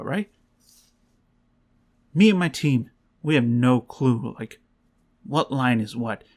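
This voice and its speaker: A young man vlogging a casual, rambling recap, swearing freely and laughing as he acts out quotes. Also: medium pitch.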